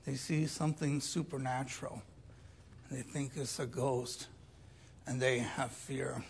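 Slow, gravelly older preacher. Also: male voice, mid-range voice, steady tone, slight background noise. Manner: slow, deliberate, dropping to quiet asides. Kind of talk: sermon.

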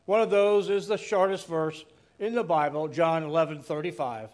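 A man preaching a sermon in a slow, earnest, reflective way, asking rhetorical questions. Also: fairly high pitch, a little mellow.

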